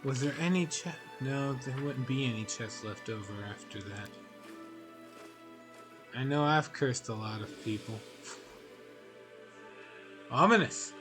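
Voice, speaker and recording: A man's voice: medium pitch, unhurried, music in the background. A man casually thinking aloud as he plays a game on a live stream. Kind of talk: game commentary.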